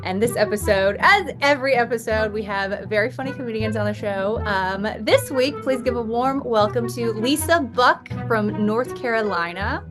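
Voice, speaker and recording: A woman's voice: a little high, normal speed, hardly any pauses, music in the background. A woman hosting a comedy podcast, teasing her guests playfully and laughing easily. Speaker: podcast host. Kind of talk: casual comedy podcast chat.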